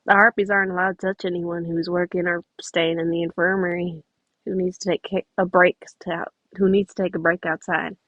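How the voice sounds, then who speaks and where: Soft-spoken teen boy healer, read by a woman; husky, gravelly, dry sound. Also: lowish voice, flat delivery, a little fast, no echo, lo-fi sound. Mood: gentle. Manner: soft, gentle. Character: gentle caring teenage boy healer.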